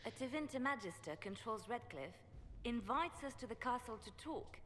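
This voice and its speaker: An actress playing a calculating female spymaster in a video game, measured and persuasive. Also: a little high, lively intonation, fairly bright tone, slight background noise. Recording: game audio with long reverb.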